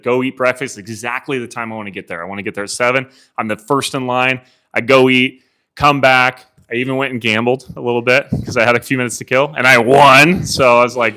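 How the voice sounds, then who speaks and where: A man coaching a room of agents live, telling an animated story of his own race, acting out his inner thoughts and swearing casually. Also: mid-range voice, normal speed. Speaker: CEO coaching real estate agents. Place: meeting room with a live audience.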